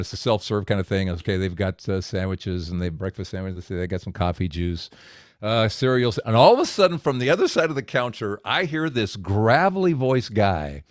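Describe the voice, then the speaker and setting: A man delivering a men's devotional message as a story, his pitch swinging widely as he acts out the scenes. The sound is dry and close, with no room echo. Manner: storytelling, animated with acted quotes.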